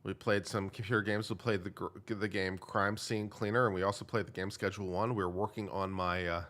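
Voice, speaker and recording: A man's voice: low-pitched, fairly even intonation, fairly quick, fairly bright tone. A young man hosting a live stream, chatting casually and joking while thanking viewers. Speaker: host reacting to a live trial stream.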